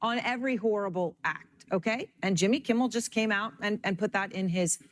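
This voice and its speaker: A woman anchoring a cable news interview, brisk and measured. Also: medium pitch, dry recording.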